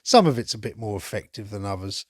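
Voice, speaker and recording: A man's voice: lowish voice, animated, fast, no room sound, clean studio sound. A man hosting a podcast, chatting enthusiastically through a casual film review and swearing now and then. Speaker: podcast host.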